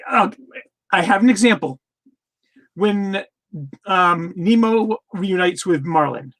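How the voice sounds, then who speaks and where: A man's voice: high voice, takes it slowly, fairly bright tone. A man co-hosting a movie podcast in casual chat, hesitant with many false starts. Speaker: podcast co-host.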